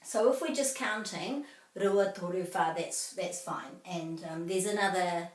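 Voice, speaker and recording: A woman teaching pronunciation, slowly and carefully drilling each word with repetition. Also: fairly low pitch. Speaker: language teacher. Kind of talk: pronunciation lesson. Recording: echoey room, mic at a distance.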